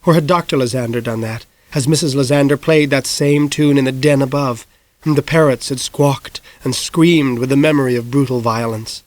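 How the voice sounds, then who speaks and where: A man in his forties narrating an audiobook in a measured storytelling voice, close on a studio mic. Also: medium pitch, fairly even intonation, dry recording. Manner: measured storytelling, rising to shouts in action. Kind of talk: scripted narration.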